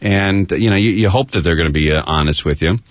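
A man's voice: low-pitched, brisk, no echo. A man hosting a radio talk show, chatting loosely and teasing his co-host, speaking into a studio microphone. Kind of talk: casual radio chat.

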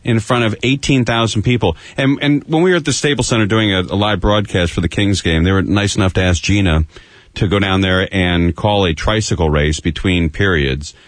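A man's voice: sits low, brisk, dry recording. A man hosting a radio talk show, chatting loosely and teasing his co-host, speaking into a studio microphone. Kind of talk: casual radio chat.

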